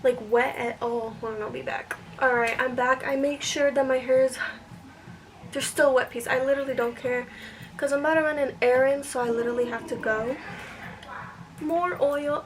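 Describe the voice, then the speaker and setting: A young woman with a high voice chats through a hair-styling vlog at home. She sounds self-doubting and thinks aloud as she works, sometimes sinking to a soft whisper. The mic sits well back from her, and there is clear noise behind her voice. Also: fairly even intonation, moderate pace, far from the mic, rough recording. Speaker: vlogger. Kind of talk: casual hair tutorial vlog.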